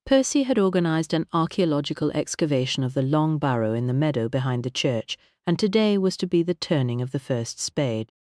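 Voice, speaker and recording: An audiobook narrator reading a period mystery novel in an even, measured storytelling manner. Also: mid-range voice, dry recording, studio quality.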